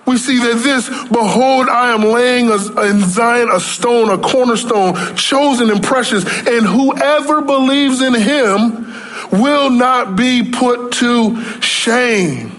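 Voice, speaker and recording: A man's voice: extremely high pitch, slow, a bit bright. A male pastor preaching a sermon, full of rhetorical questions and building intensity.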